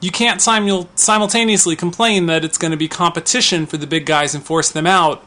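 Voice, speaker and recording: A man's voice: high voice, fairly even intonation, fairly quick, pushed and bright. A man in his thirties speaking in an opinion vlog, vocal and outspoken, talking with conversational restarts. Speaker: vlogger.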